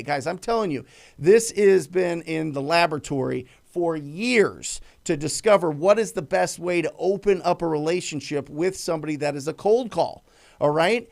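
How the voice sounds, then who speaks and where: A middle-aged man hosts a live show teaching real estate cold calling, his voice a little high and creaky. He coaches energetically, repeating key phrases for emphasis and acting out sample phone calls.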